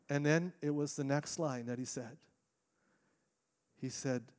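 A middle-aged man, a lead pastor, preaching a sermon in a church with earnest delivery, restarting phrases and shifting between quick and slow phrasing. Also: on the high side, darkish tone, clear, resonant tone. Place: church sanctuary.

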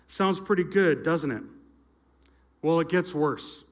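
A middle-aged youth pastor tells a story during a sermon on a church stage before a live audience, tossing playful asides to his listeners. His voice is fairly high and slow, with long pauses. It's picked up by a handheld or stage mic that has some feedback.

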